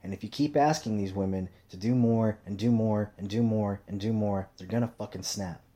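A young man talking casually into a mic in a profane, rambling monologue, swearing constantly and telling animated stories. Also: lowish voice, normal speed. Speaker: commentator.

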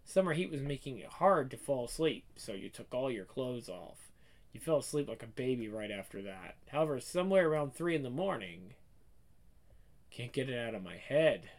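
A man's voice: mid-range voice, very animated, fairly quick. A man narrating an audio story in the second person, in a casual, conversational way.

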